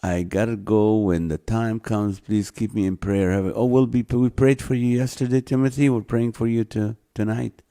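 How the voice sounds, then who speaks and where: A man's voice: fairly low pitch, steady tone, moderate pace, few pauses, mellow. A man hosting a live online show, reading viewer comments aloud and chuckling often.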